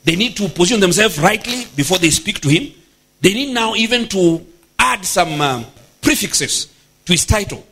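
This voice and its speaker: A male bishop preaches with an emphatic, exclamatory delivery, dropping in bursts of praise between points. His voice is high for a man and swings widely in pitch. There is a husky grain to it. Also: expressive, normal speed, pushed and bright. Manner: emphatic, exclamatory, frequent hallelujahs. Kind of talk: sermon.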